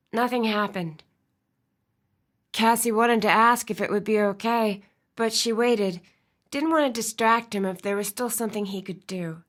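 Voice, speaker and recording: A woman narrating a romance audiobook in an expressive storytelling style. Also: mid-range voice. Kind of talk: scripted narration.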